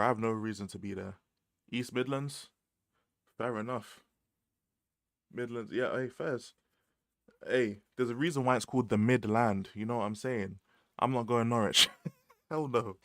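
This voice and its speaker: A man's voice: medium pitch, moderate pace, pauses often, fairly bright tone, no echo, studio quality. A young man with a London accent, chatting casually on a livestream, full of slang and repeated phrases, laughing often. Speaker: livestream host. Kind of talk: casual livestream chat about football.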